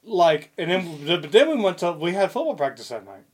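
A man's voice: sits high, big pitch swings, fairly quick, husky. A young man co-hosting a casual podcast, telling stories in a rambling way, full of fillers, restarts and swearing. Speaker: podcast co-host. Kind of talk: casual chat.

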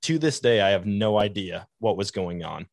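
A man with a low voice hosts a podcast, telling his stories in a casual, meandering way. He leans on "like" as a filler. The sound is dry and close. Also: lively intonation, moderate pace, gravelly, no room sound. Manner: rambling anecdotes with many "like" fillers. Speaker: podcast host. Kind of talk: casual storytelling chat.

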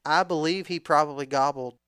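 A man in his thirties telling a long hunting story in a relaxed, rambling way with frequent restarts. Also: a little high, a little fast, clean tone, no echo, clean studio sound. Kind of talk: casual storytelling chat.

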